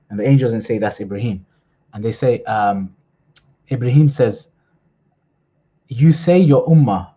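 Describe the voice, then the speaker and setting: A man's voice: medium pitch, a little mellow, dull audio. A man in a livestream, casually retelling historical stories and quoting people with "he goes", often restarting his phrases. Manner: informal retelling, voices quotes with "he goes", frequent restarts. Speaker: student storyteller at a livestream. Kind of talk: casual storytelling. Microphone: home computer mic on a livestream.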